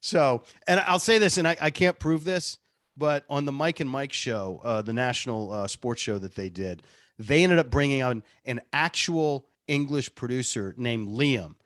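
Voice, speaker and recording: A man's voice: mid-range voice, normal speed, fairly bright tone, dry recording. Guy chatting about his radio gig, laughs a lot, easygoing, dry sound. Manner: chatty, self-deprecating, laughs often. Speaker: radio show producer and on-air personality. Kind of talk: casual interview storytelling.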